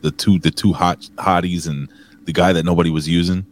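A man co-hosting a wrestling review podcast in casual banter, blunt, profane and excitable. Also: sits low, a little fast. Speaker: podcast co-host.

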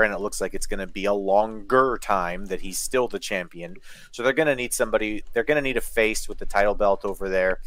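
A man's voice: low-pitched, a bit bright, no echo, rough recording. A man on a podcast panel giving reasoned predictions in casual chat, with some fillers.

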